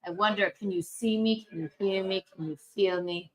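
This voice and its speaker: A woman's voice: medium pitch, steady tone, normal speed, a crowd in the background, low-quality recording. Brash, chatty woman host. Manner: chatty, brash and gossipy, swears freely. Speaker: livestream host. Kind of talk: casual chat while cooking on a livestream.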